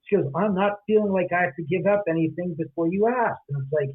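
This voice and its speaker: A man's voice: sits high, quick pace, slightly rough. A man telling a story in a podcast interview, acting out the quoted dialogue with many restarts and asides. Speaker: guest, homeowner and author. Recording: tinny phone-line audio.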